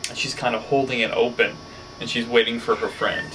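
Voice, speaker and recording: A man's voice: medium pitch, steady tone, brisk, noisy background. A man hosting his own show, telling a story casually, rambling with lots of fillers. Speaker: show host. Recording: slightly distant mic, faint ambience.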